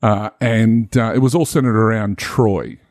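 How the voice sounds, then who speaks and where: A man's voice: fairly low pitch, steady tone, measured pace, darkish tone, no echo, studio quality. A man, a game master co-hosting a casual podcast, rambling and self-deprecating with many fillers.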